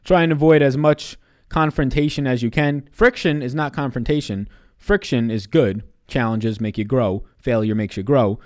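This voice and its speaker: A young sounding man in his twenties runs a live stream of fantasy basketball picks. He talks loosely and swears freely, reading out questions from the chat and answering them on the spot. His voice sits at an ordinary middle pitch for a man. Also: moderate pace. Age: 20s.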